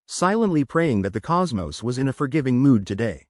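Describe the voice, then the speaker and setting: Guy narrating a sci-fi story, lively voice, dry close mic. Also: mid-range voice, brisk, no room sound. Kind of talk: scripted narration.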